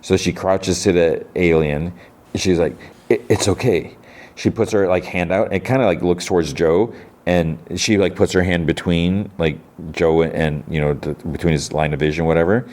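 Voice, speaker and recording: Male podcast host, deep voice, casual rambling recap full of fillers. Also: normal speed, a little mellow. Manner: rambling retelling full of fillers and quoted lines.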